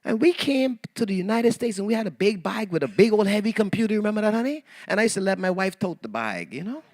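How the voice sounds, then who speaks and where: A male pastor tells a long story from the pulpit, dropping to near whispers and then rising to loud exclamations as he acts out each person in it. His voice sits fairly high and carries a gravelly fry. The sound is dry and close. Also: fast, no echo. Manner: animated, acts out quoted voices, swings from hushed to loud. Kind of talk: sermon storytelling.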